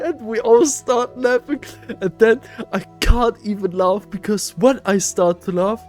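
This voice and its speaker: A young man vlogging a casual story in slangy, playful talk, speaking low and close to a desk mic in his bedroom. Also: darkish tone. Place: shared bedroom at home. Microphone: desk microphone up close.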